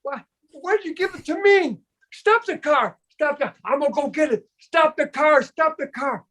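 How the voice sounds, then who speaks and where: A man voicing a stingy middle-aged man who panics and yells in a shrill voice. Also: moderate pace. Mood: frantic.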